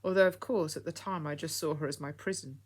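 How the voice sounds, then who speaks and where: Gentle old lady, fond and soft, as a woman reads her. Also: low voice, fast, slightly rough. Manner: soft, fond, calls people dear.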